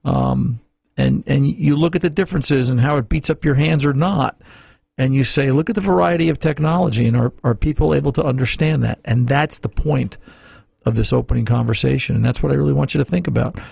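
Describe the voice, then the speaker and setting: A man's voice: medium pitch, fairly quick, creaky, darkish tone, slightly rough, dry recording. A middle-aged man hosting a radio car-repair show, talking casually and rambling with fillers and restarts.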